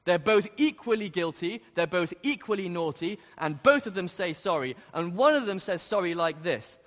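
Earnest, high, lively preacher in a hall. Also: male voice, normal speed. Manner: earnest, rising to emphatic questions. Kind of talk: sermon. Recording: long reverb of a large hall.

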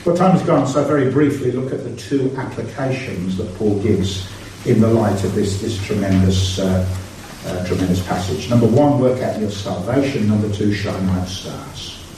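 A man's voice: on the low side, moderate pace, dark tone, slight background noise. A man preaching a sermon, earnest and building to urgent exhortation. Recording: echoey hall, mic far off.

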